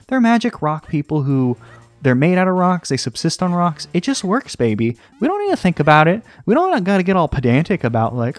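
A man hosting a let's play, rambling and joking at himself, often jumping into a high sing-song voice. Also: big pitch swings, a little fast, dry recording. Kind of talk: casual gameplay commentary. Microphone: desk microphone.

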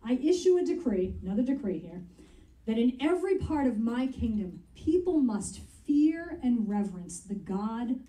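In a church sanctuary, a woman pastor delivers a sermon, reading scripture aloud and explaining it in an earnest, conversational way. Her voice sits at a medium pitch with a dark tone, and the recording sounds roomy, captured from a distance.

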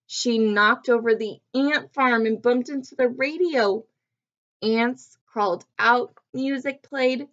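A woman reading a picture book aloud to children, expressive and pausing to ask the listener questions. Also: a little high, lo-fi sound. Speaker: storybook reader.

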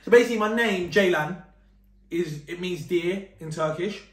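A man vlogging in casual chat, excitable and quick to laugh and swear. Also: high-pitched, reverberant.

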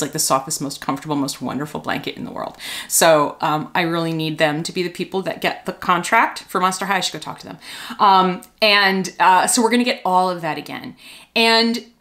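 A woman chatting casually as a doll-collecting vlogger, gushing and excitable as she handles her toys. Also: on the low side.

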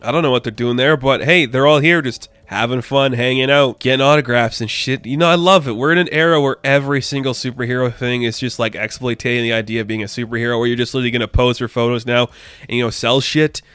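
A man's voice: mid-range voice, steady tone, fast talker, a bit bright, smooth, no room sound. Rambling young man reviewing a comic. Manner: rambling, filler-heavy, enthusiastic.

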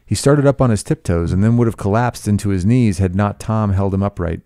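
A man reading a classic novel aloud in a measured, even narration. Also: fairly low pitch, no echo, clean studio sound. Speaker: audiobook reader.

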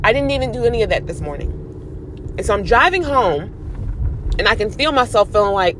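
A young woman and mom vlogger, driving while she gives an animated, chatty motivational talk. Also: medium pitch, fairly quick, pauses often, slight background noise. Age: young adult. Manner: animated, chatty, preachy encouragement. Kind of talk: casual motivational talk to camera. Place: in a car, driving.

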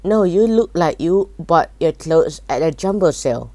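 A woman's voice: low voice, lively intonation, normal speed, dark tone, no echo. A woman reading aloud, voicing a sarcastic boy in a storybook who sneers and mocks. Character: sarcastic boy on a riding tour.

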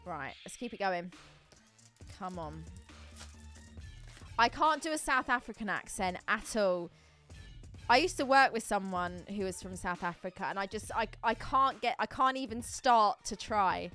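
A woman's voice: mid-range voice, lively intonation, unhurried, a bit bright, faint music behind. A woman chatting casually on a live stream, giggling as she opens card packs and answers viewers.

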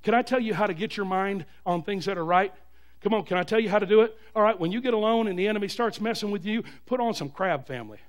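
Male pastor, high voice, call-and-response sermon with shouted peaks. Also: fairly even intonation, fast talker. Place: church.

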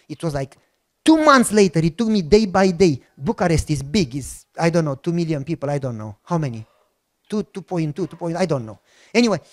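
A man with a Romanian accent telling a personal testimony as a sermon, acting out the dialogue and bursting into shouts. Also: fairly high pitch. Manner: animated storytelling with acted-out dialogue and shouted outbursts. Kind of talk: sermon storytelling.

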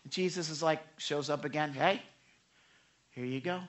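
A male pastor preaching with a bright, forward voice. He stammers and repeats words as he tells stories, slipping into quick casual impressions of the people he describes. It sounds like a live church sermon. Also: a little high. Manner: stammering, animated storytelling with voiced paraphrases. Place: church sanctuary.

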